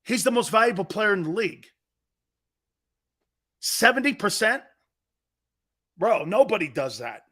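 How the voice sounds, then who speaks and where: A man hosting a sports talk stream, reading fan comments and trash-talking in loud, brash bursts. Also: high voice, very animated, measured pace, pauses often. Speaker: sports talk show host.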